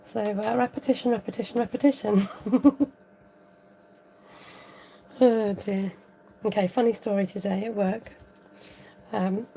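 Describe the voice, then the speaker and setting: A woman's voice: medium pitch, creaky, mellow, a little hiss or hum. A woman chatting casually and giggling as she demonstrates a papercraft tutorial at home. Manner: chatty, giggly, talks while working. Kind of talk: casual crafting tutorial chat.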